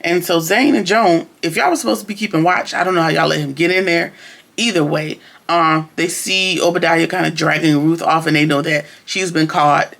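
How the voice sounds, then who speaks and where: A man's voice: on the high side, fairly even intonation, moderate pace, gravelly, a bit bright. A man giving a casual, rambling recap of a TV episode, chatty and slangy with frequent restarts. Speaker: TV episode reviewer.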